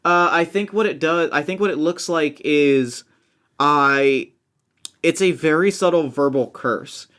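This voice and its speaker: A man's voice: on the high side, measured pace, a bit bright. Hesitant man playing a tabletop game. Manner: hesitant, many fillers and restarts. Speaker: player. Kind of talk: tabletop role-play chat.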